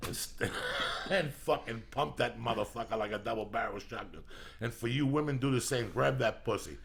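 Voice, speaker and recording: A man hosting a podcast, delivering a loud, crude, comedic motivational rant in a studio, riffing and bursting into shouts. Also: mid-range voice, gravelly. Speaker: podcast host.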